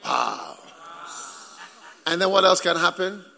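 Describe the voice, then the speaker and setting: A man preaching a sermon in a church, lively and joking with the congregation. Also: high voice, takes it slowly, creaky. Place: church hall. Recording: echoey hall with long reverb.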